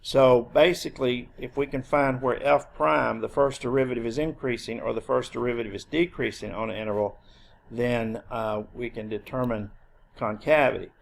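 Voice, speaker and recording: A man teaching a recorded math lecture, explaining step by step in a relaxed way, with a few restarts and fillers. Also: mid-range voice, normal speed, vocal fry.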